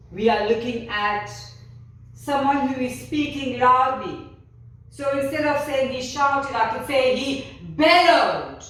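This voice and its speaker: Slow, expressive woman teacher in a classroom. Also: medium pitch. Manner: slow, expressive, acts out words with her voice. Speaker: English teacher. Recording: echoey room, voice from far off.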